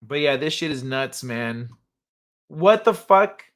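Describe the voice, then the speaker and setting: A man's voice: on the high side, lively intonation, slow, a bit bright, faint music behind. A man hosting a livestream, chatting casually and reading viewers' messages aloud with loose, profane asides that trail off into mumbles. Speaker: livestream host.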